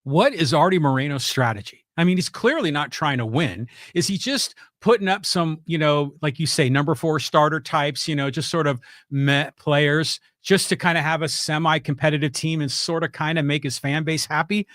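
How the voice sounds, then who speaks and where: A man co-hosts a sports podcast, easygoing and chatty, often posing questions. His voice sits a bit high. The recording is dry and close. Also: moderate pace, few pauses, fairly bright tone, dry recording. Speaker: podcast co-host. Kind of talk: casual sports talk.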